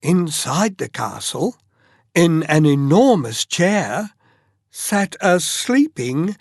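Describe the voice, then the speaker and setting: A storyteller reading a fairy tale aloud very slowly and expressively, as bedtime listening practice. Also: medium pitch, dry recording, clean studio sound. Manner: very slow, expressive read-aloud.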